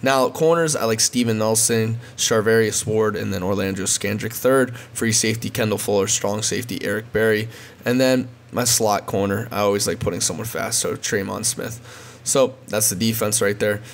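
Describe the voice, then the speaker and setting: Man, low voice, casual game tutorial, repeats himself, faint noise. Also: normal speed. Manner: repetitive, addresses viewers as guys. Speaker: gaming video creator.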